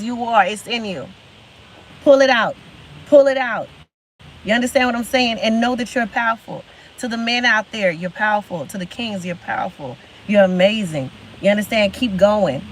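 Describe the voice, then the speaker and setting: Young woman, live-stream host, emphatic motivational talk on a phone mic, soft background hiss. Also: medium pitch, rough recording. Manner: emphatic, repeats phrases for emphasis. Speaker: livestream host.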